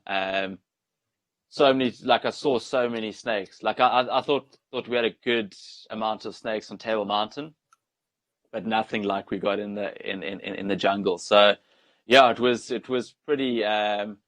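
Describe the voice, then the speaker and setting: A young South African man with a South African accent, telling stories in a rambling, laid-back way as a guest on an interview show. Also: lowish voice. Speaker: guest, ultra trail runner. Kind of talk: casual interview storytelling.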